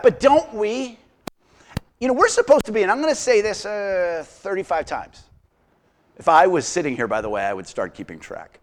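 A middle-aged man preaching a sermon as pastor, animated and humorous, acting out quotes as he tells stories. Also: sits high, moderate pace.

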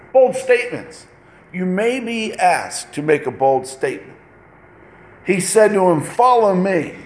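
A man preaching with a lively, swooping voice that sits a little high. He talks in a conversational way and slips into short acted exchanges. The room around him is echoey, with a faint hum of ambience. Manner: animated, conversational, acts out little dialogues. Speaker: pastor. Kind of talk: sermon.

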